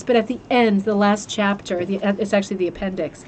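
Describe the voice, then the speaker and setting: Woman hosting a craft stream on camera, gushy and rambling, mid pitch, little bit of room hum. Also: fairly even intonation, brisk, a little mellow. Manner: chatty and gushing, with fillers and restarts. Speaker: host of a rug hooking club livestream. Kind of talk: casual chat, reviewing a book.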